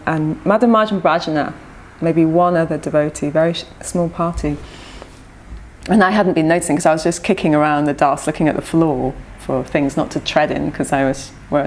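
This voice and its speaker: A middle-aged woman recounting personal memories of her spiritual teacher in a lively, anecdotal way, often breaking into laughter. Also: sits low, a little hiss or hum. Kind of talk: personal storytelling.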